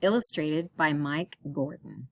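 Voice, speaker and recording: A woman reading a children's picture book aloud in a slow, expressive storytelling manner. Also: sits low, dry recording, clean studio sound. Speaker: storybook reader.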